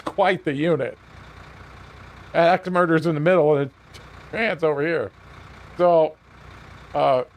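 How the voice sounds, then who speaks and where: Guy streamer telling a story, lots of swearing, fairly high voice, gets worked up and laughs. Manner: profane, heated, laughing retelling. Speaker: video game streamer. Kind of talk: casual storytelling during a game stream.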